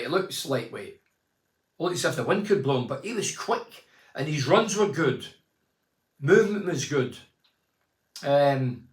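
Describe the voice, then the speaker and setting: A man's voice: on the high side, fairly bright tone. A man in his sixties hosting a casual phone-in, reading out fans' messages and telling stories from his playing days. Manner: chatty storytelling, reads fans' messages aloud. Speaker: phone-in show host and former footballer. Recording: echoey room.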